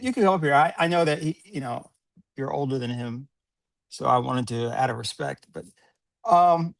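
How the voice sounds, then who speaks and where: Male streamer, high and animated, dry close mic, lectures his friends in jest. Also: no echo. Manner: mock-lecturing, scolding tone. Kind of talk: casual comedic banter on a live stream.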